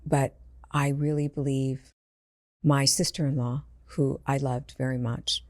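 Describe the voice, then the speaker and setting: Woman medium w a low voice sharing stories, does the voices, dry close sound. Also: flat delivery, measured pace, a little mellow, no room sound. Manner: earnest, acts out quoted voices in her stories. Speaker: intuitive medium, podcast guest. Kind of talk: personal storytelling in conversation.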